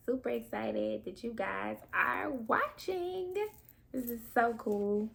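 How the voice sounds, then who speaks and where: A young woman vlogging as a new mom, telling her birth story to camera in a chatty, expressive way with casual slang. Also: on the high side, takes it slowly, gravelly.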